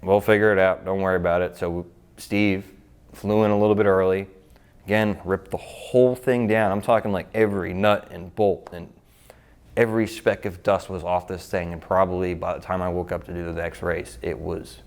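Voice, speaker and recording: A man's voice: low voice, fairly even intonation, moderate pace, darkish tone. A man who races motorcycles, telling rambling stories in a casual interview, laughing often and saying "like" a lot. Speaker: motorcycle racer.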